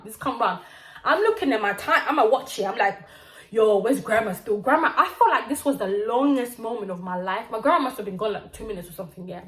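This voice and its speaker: Young woman vlogging a storytime, slangy and animated, slightly high voice, echoey room. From Zimbabwe. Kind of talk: storytime vlog. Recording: roomy echo.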